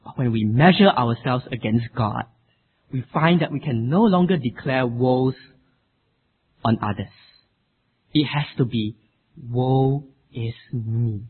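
A man preaching a sermon with an emphatic, expressive delivery. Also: mid-range voice, unhurried, pauses often, breathy edge. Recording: tinny phone-like sound.

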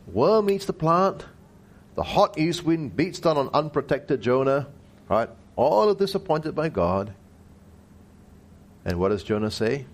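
A man teaching through a Bible passage, his voice swinging widely up and down as he presses a point. He keeps tossing rhetorical questions at his listeners and draws out key words for emphasis. His pitch sits in the middle range for a man. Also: big pitch swings, a little slow, darkish tone.

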